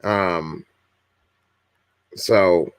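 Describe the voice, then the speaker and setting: A man's voice: sits low, steady tone, very slow, smooth, no room sound. A man hosting a casual livestream, bluntly commenting and reading viewers' comments aloud. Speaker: livestream host.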